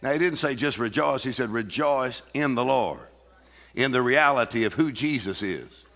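A man preaching a sermon with exuberant energy, breaking into shouts and bursts of laughter. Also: mid-range voice, lively intonation, moderate pace, long reverb tail. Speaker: pastor.

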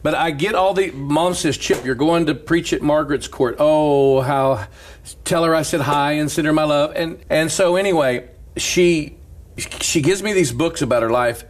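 A man's voice: a little high, normal speed, slight background noise. A male pastor telling a story in casual chat, laughing often and breaking into a preaching cadence. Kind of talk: storytelling sermon-style chat.

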